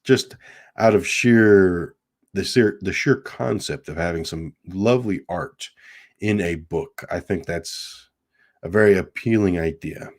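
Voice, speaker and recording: Deep-voiced man chatting casually. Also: unhurried, a little mellow. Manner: rambling, chatty, frequent "uh" and "folks". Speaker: host. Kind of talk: casual live-stream chat.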